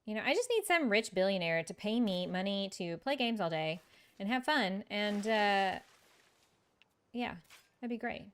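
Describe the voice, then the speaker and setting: A woman's voice: mid-range voice, lively intonation, a little slow, fairly bright tone, clean tone. A woman streaming a game, chatting casually with viewers in a chatty, self-mocking way and laughing often. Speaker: live-streaming gamer. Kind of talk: casual gameplay chat with viewers.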